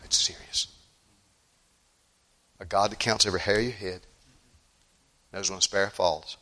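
Male pastor, sermon, emphatic, bright ringing voice, loud-to-hushed swings. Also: deep voice, steady tone, moderate pace.

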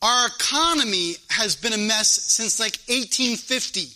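A man preaches a fervent sermon, driving points home by repeating them. His voice sits high for a man. His tone is piercingly bright and sharp. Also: expressive, unhurried, rough recording. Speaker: pastor.

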